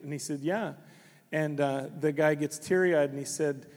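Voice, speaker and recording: Pastor in a reverberant church. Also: male voice, on the high side, fairly even intonation, moderate pace, darkish tone. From Canada. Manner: conversational storytelling, many restarts. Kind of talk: sermon. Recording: long hall reverb.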